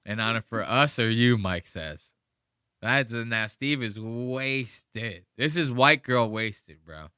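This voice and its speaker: Profane, animated male podcast host. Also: medium pitch, slow, clear, resonant tone, no room sound, clean studio sound. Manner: profane, animated storytelling, mimics voices. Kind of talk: casual reaction commentary.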